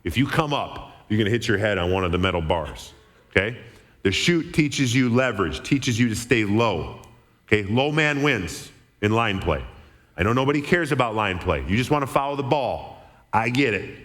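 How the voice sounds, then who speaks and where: A middle-aged man from Minnesota telling an animated, chatty story to a church crowd, often checking in with "okay?". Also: on the low side, moderate pace. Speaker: guest speaker at church. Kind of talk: storytelling sermon talk. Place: large church auditorium. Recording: reverberant church hall.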